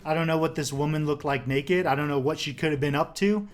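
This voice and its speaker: A man's voice: on the high side, fairly even intonation, fast talker. Rambling young man telling a story. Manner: rambling, filler-heavy, swears. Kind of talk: casual storytelling.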